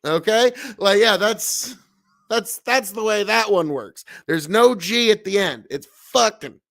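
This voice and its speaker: A man's voice: high voice, lively intonation, a little slow. A man from Nebraska with a rural American accent, hosting a casual live stream and talking bluntly with a lot of swearing. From Nebraska, USA. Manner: blunt, swears often, bursts into loud outrage. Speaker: livestream host.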